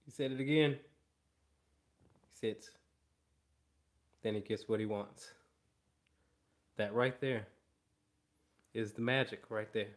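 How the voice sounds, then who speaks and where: A man's voice: on the low side, slow, pauses often. A man working as a dog trainer, explaining training in an emphatic way and repeating key phrases. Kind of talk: instructional explanation.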